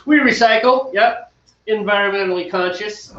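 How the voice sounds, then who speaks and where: A playful man with a high voice banters while he brews, joking and teasing in big exaggerated tones. He sounds far from the mic in a roomy space, and the livestream audio is dull and lo-fi. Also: moderate pace, fairly bright tone, a little hiss or hum. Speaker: homebrewing host. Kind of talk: casual banter while brewing. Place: home brewing space.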